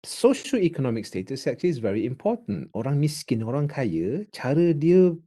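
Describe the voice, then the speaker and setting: Speaking fairly quickly in a husky, mid-range voice, a Malaysian-accented man lectures on drama. He code-switches between English and Malay and animatedly acts out his examples.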